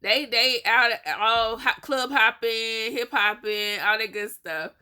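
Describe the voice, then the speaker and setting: Woman friend, bright, higher voice, teasing, casual chat. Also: fairly even intonation, smooth. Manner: teasing, laughing, quick slangy banter. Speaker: friend commenting on the prank.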